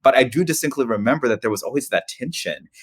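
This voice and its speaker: A man in his forties from the Philippines, a podcast guest telling personal stories in a lively, restart-filled way with frequent laughs. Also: medium pitch, quick pace, breathy edge, no echo. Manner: animated, laughs often, many restarts. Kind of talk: casual storytelling interview.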